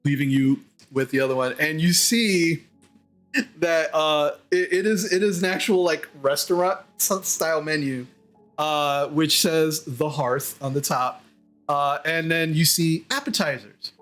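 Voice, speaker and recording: A man's voice: fairly high pitch, measured pace, a bit bright, faint music behind. A man narrating as a tabletop game master, describing scenes hesitantly with many fillers. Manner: hesitant, full of ums and likes.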